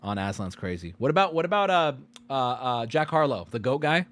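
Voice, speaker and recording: A man streaming live, reading out survey results in loud, profane, sarcastic casual commentary. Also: medium pitch, lively intonation, fairly quick, few pauses.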